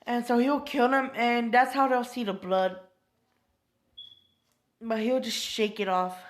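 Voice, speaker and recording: Brief: woman storyteller, unscripted, slow, stumbling, halting with fillers. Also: fairly high pitch, steady tone. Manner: hesitant, many fillers and restarts. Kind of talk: improvised fan-fiction storytelling.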